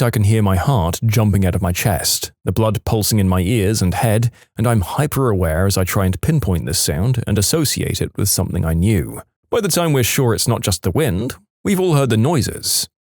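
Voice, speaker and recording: A man's voice: on the low side, darkish tone, no room sound, studio quality. A man narrating reader-submitted stories in a dramatic storytelling manner, with wry asides. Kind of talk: scripted narration of reddit stories.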